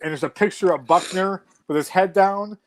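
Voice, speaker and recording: Man, 40s, high-pitched, lively casual storyteller who swears freely. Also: moderate pace. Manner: animated storytelling with frequent swearing. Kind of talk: casual chat.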